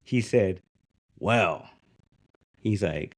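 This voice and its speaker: A man in relaxed podcast conversation, his mid-range voice jumping up and down as he tells a story. He laughs often and slips into the voices of the people he quotes. His pitch is very lively. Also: fast talker. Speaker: podcast co-host, comic shop worker. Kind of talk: casual chat.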